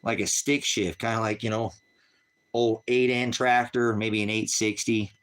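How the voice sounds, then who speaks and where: A man's voice: fairly low pitch, steady tone, measured pace, fairly bright tone. A man on a ranch ranting angrily on a livestream, profane and taunting. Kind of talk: angry livestream rant.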